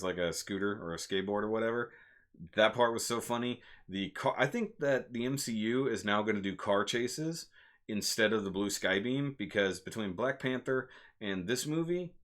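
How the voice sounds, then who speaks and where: A man hosting a casual live stream, chatting about movies in an animated, rambling way. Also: fairly low pitch. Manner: animated, rambling, laughs at himself. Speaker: movie reviewer, channel host.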